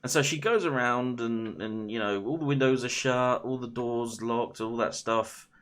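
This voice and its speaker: A man streaming a game while casually retelling a scary story, halting and full of fillers and restarts. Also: mid-range voice, fairly bright tone.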